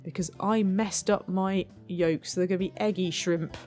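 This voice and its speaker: A woman's voice: lowish voice, fairly even intonation, moderate pace, darkish tone, soft background music. A woman hosting a cooking game playthrough, chatting to herself and poking fun at her own mistakes. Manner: chatty, self-mocking, talks to herself. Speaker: let's play host. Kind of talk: gameplay commentary.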